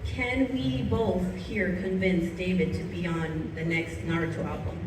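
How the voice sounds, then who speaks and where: A woman's voice: lowish voice, steady tone, a little slow. A woman from the audience asking a question at a convention panel, a bit hesitant. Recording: echoey hall, speaker far from mic, background noise.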